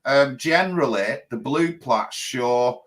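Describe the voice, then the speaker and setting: A man, hosting a loose panel chat. He cuts in keenly and says the same points over and over. His voice is an ordinary middle pitch for a man. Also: a little slow, fairly bright tone, rough recording. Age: 50s. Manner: enthusiastic, repetitive, interrupts. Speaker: party leader and host.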